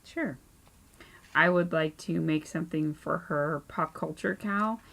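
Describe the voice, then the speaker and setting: A woman in her thirties hosting a knitting podcast at home, chatting casually with lots of ums, tired and low-key. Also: creaky, heavy background noise. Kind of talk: casual chat. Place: home craft room and playroom.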